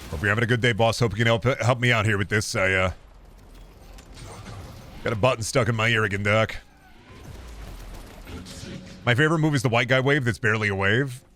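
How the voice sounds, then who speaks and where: Man, lowish voice, from Iowa, casual live-stream chat, joking, offhand, mock-dad phrasing. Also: a little fast, pauses often, sharp tone, a little hiss or hum.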